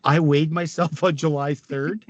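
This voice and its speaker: A middle-aged man from Canada, a former hockey player, telling stories in an interview, with a raspy voice, laughing often and swearing freely. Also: a little high, fairly even intonation, unhurried, no echo, highs cut off. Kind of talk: casual storytelling interview.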